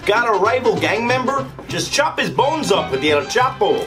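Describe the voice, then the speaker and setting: A performer putting on a pushy sleazy infomercial guy selling prison gear, swoops all over the place, loud music bed behind him. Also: mid-range voice, big pitch swings, normal speed, close to an everyday voice. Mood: brash hard-sell. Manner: brash hard-sell patter, keeps tacking on "bro". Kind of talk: mock TV infomercial.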